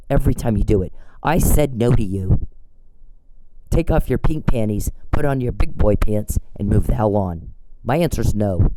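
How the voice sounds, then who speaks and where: A man's voice: mid-range voice, background noise. A man delivering an angry, profane, scolding monologue aimed at someone who isn't there, repeating his demands over and over. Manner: confrontational, profane, scolding, repetitive. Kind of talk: angry monologue addressed to an absent person.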